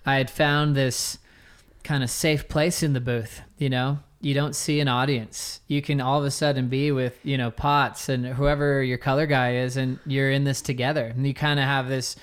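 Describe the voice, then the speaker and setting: A man being interviewed as a surf commentator, telling stories in a relaxed way with lots of fillers and easy laughs. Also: mid-range voice, moderate pace, smooth. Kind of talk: casual interview storytelling.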